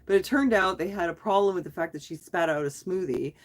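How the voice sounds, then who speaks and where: A woman's voice: on the low side, a little fast. A middle-aged woman talking on a live stream, venting her frustration in a rambling way, with restarts and trailing sentences. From Canada. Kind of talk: casual live stream chat.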